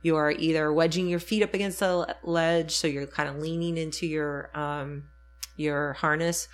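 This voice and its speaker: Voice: mid-range voice, steady tone, normal speed. A speaker in casual chat, telling a story reflectively with frequent ums and self-corrections.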